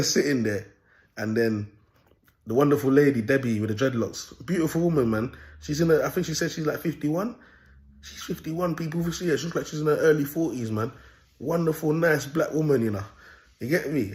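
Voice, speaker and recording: A man's voice: fairly high pitch, a little mellow. A young man talking casually to his viewers, rambling and boastful, full of slang and repeated phrases. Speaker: vlogger. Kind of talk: casual monologue to camera.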